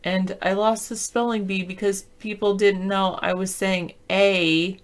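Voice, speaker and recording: A woman from the Southern US takes part in a casual video call, rambling through stories and spelling out words one letter at a time. She speaks at medium pitch in a level tone and at a measured pace.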